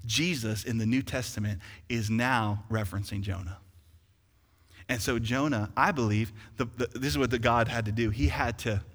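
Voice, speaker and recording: A male pastor delivers a sermon with a bright, forceful tone that ranges from hushed explanation to fervent shouting. His voice rings out in a church sanctuary with a long hall reverb. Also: mid-range voice, moderate pace. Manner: animated preacher, swings from quiet to loud.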